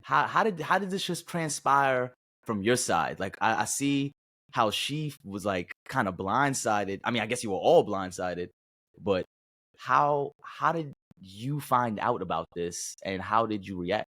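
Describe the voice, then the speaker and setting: A man hosting a podcast, asking his guests questions in a halting, stammering way. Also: on the low side, animated, a bit bright, no room sound, studio quality. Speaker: podcast host. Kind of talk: interviewing guests.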